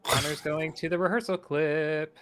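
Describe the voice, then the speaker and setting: A man's voice: fairly high pitch, steady tone, normal speed, a bit bright. A man co-hosting a casual live stream chat, eagerly picking apart camera shots and staging in detail. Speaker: stream co-host.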